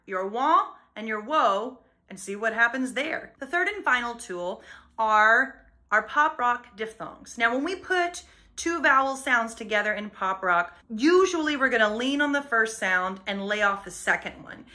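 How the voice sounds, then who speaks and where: Bright high-voiced woman vocal coach. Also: animated, normal speed. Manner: explains technique plainly, then sings short demo lines. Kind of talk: singing lesson with sung demonstrations.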